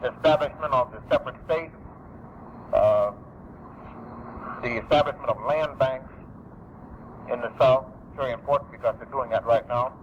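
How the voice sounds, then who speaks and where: A man delivers a public speech in an emphatic, insistent way, hammering his key phrases again and again. His voice sits at an ordinary middle pitch. The tape is dull and lo-fi, with a faint hiss of noise underneath. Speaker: public speaker.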